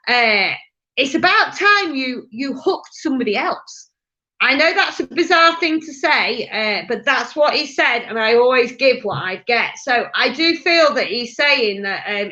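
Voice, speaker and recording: A woman with a high voice relays messages as a medium, chatty and halting, full of fillers and restarts. Her tone is bright and sharp. The sound is dull and lo-fi, like a livestream. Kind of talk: live mediumship reading.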